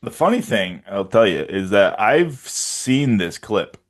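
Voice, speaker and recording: A man's voice: lowish voice, very animated, unhurried. A man co-hosting a podcast, chatting casually about a TV episode and throwing in mock insults and laughs. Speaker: podcast co-host.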